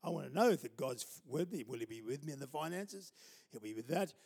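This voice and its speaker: A male pastor with a voice pitched a little high delivers a sermon, mixing humorous personal anecdotes and little laughs with surges of loud, emphatic preaching. His words ring out with a long tail of reverb from a large church hall. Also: animated, brisk, creaky, breathy edge. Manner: storytelling with chuckles, building to loud emphatic preaching.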